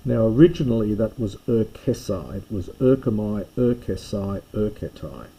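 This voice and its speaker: Man, low voice, very mellow, slightly husky, methodical grammar lesson. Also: expressive, moderate pace, poor audio. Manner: careful, methodical explanation with small self-corrections. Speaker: Greek teacher.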